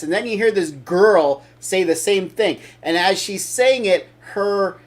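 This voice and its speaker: A man's voice: sits high, unhurried. An older man hosting a casual opinion talk show, blunt and opinionated, rambling with restarts. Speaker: show host.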